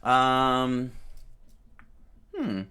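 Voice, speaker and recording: A man's voice: medium pitch, big pitch swings, very slow, sharp tone, clean tone. A man reading a comic aloud in a casual, rambling way, full of fillers and side comments. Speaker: comic reader. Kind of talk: casual read-along narration.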